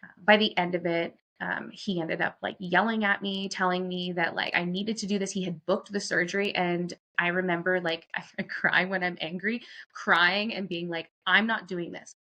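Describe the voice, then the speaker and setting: A woman's voice: fairly low pitch, little pitch movement, normal speed, sharp tone. A woman guest on a podcast, candidly telling a personal story in a chatty way, full of "like" fillers and quoting what she and others said. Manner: chatty, frequent "like" fillers, quotes herself.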